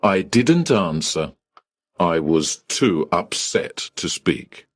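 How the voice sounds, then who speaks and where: A male narrator reads a folktale slowly and deliberately, with a lowish voice that rises and falls widely. The sound is close and dry. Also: sing-song, no echo. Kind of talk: scripted story narration.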